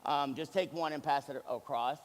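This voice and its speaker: A man's voice: on the high side, fairly quick. A man in his forties, a company executive, giving a motivational seminar talk and acting out the dialogue in his stories. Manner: animated storyteller who acts out quoted dialogue. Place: large hall with live audience. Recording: reverberant hall sound.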